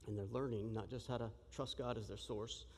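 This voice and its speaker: Animated man preaching in a big reverberant hall. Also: fairly low pitch, fairly quick, husky. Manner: animated, joking, acts out the crowd's shouting. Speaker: pastor. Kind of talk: sermon. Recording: long reverb of a large hall.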